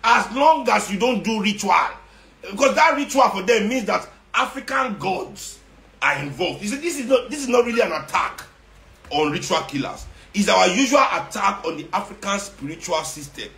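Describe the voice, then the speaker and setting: A high-voiced Nigerian man rants with sarcasm and rising indignation, slipping into Pidgin as he goes. His voice rings around an echoey room. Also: lively intonation, moderate pace, a bit bright. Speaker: social media commentator. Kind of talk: impassioned monologue.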